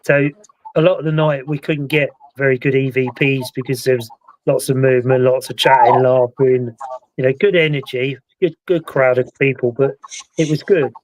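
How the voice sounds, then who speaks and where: A British man hosting a casual live-stream chat about a paranormal investigation, talking in a relaxed, rambling way. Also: medium pitch, moderate pace, no room sound, low-quality recording. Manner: relaxed, chatty, recounts events at length. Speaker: paranormal investigator and show host.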